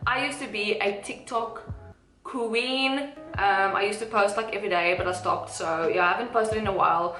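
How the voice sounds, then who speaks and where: A woman's voice: mid-range voice, normal speed, a bit bright. Chatty South African woman vlogger. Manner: chatty, rambling, giggly asides. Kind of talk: casual chat. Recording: echoey room with faint music.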